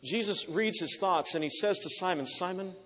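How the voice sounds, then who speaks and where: A man's voice: sits high, normal speed, bright, forceful tone. A man preaching a sermon to a large hall, telling the story with emotive repetition. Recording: long reverb of a large hall.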